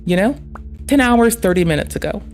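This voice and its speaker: Annoyed streamer, mid-pitched voice, sarcastic and swearing constantly, faint music underneath. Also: animated, brisk. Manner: heated, sarcastic, heavy swearing. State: annoyed and frustrated. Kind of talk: livestream reaction commentary.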